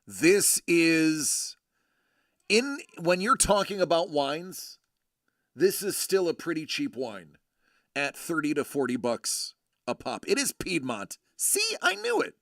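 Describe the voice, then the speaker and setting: A man's voice: on the high side, expressive, slow, dry recording, clean studio sound. A male host chatting casually and enthusiastically while showing a wine bottle, rambling with many fillers and restarts. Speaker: host of a collecting channel.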